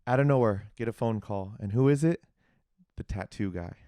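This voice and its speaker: A young man tells a story from his own life on a podcast, loosely and with lots of fillers, slipping into the voices of the people he quotes. His tone is mellow and dark, recorded close and dry. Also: lowish voice, moderate pace, no room sound. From California. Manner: animated, acts out quoted dialogue, many fillers. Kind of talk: casual storytelling. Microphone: podcast mic.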